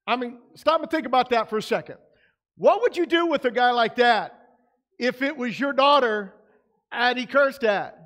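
Male pastor with a high-pitched voice, preaching conversationally in church. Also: moderate pace, a bit bright. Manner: conversational preaching with frequent fillers. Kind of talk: sermon. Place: church sanctuary.

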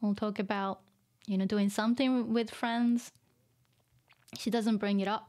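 A woman teaching vocabulary through a manga, explaining slowly, repeating words and laughing often. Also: medium pitch, fairly even intonation, a little mellow. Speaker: Japanese teacher. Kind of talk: manga reading lesson.

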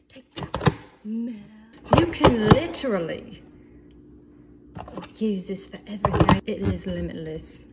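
A woman demos her favorite meal prep gadgets in a home kitchen, chatting and joking as she goes. Her voice sits at a middling pitch, and loud background noise runs under the recording. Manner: chatty, enthusiastic, playful asides. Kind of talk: casual kitchen demo video.

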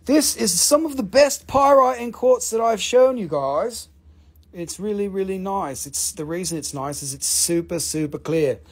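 A man hosting a live mineral sale, joking, swearing, and pitching his stones with enthusiasm. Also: vocal fry, darkish tone, slightly rough. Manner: joking, profane, enthusiastic salesman. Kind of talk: livestream sales chat.

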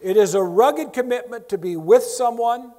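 A man's voice: very high-pitched, normal speed, dark tone. A man giving a Bible lecture in an emphatic, joking, teacherly way, stressing key words. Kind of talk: lecture sermon. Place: large lecture hall. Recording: echoey auditorium reverb.

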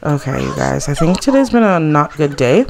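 A woman's voice: deep voice, very animated, moderate pace, gravelly. A woman hosting a casual let's play, chatting gossipy commentary over her game and laughing often.

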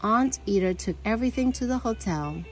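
A woman reading a children's picture book aloud, with a steady storytelling manner. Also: a little high, a little fast, soft background music, poor audio.

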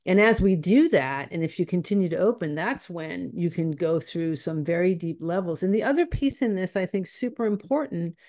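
A woman's voice: fairly low pitch, moderate pace, hardly any pauses, darkish tone. A woman guest teaching spiritual ideas in conversation, earnest and searching, often restarting her phrases.

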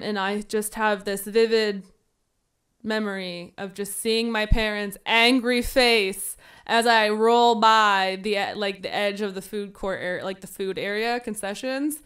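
A woman podcast host with a mid-range voice tells a funny personal story at a measured pace. She is casual and animated, acting out the lines of her younger self.

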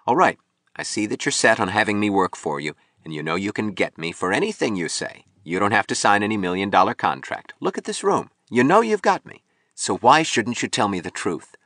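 A man's voice: lowish voice, very animated, moderate pace, pauses often, fairly bright tone, no echo, clean studio sound, pitched above the performer's own voice. A man reading an audiobook, voicing a bitter, broken young male sculptor who pleads and turns suspicious. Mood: pleading.

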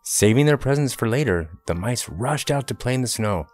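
Casting: man co-reading a kids' book aloud, calm and steady, faint music under. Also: mid-range voice, fairly quick. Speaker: children's book co-reader.

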